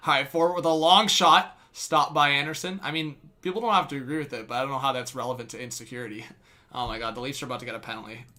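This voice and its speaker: Young guy doing live hockey play by play, kinda high bright voice, laughs a lot and yells on big plays. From Canada. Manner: laughs often, bursts into loud excited shouts on big plays. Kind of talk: live fan play-by-play commentary.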